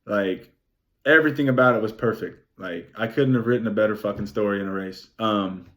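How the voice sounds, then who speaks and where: A young man recapping his race in a vlog, excited and rambling, swearing freely and saying "like" often. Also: on the low side, fairly quick. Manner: excited, rambling, swears a lot, many "like" fillers. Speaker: vlogger.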